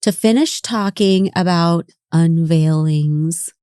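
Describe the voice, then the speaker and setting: A woman's voice: on the low side, slow, dark tone, clean tone, no room sound, clean studio sound. A woman in her forties co-hosting a podcast, talking in a candid, wry way and sometimes mimicking others. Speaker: podcast co-host. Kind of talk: casual podcast rewatch chat.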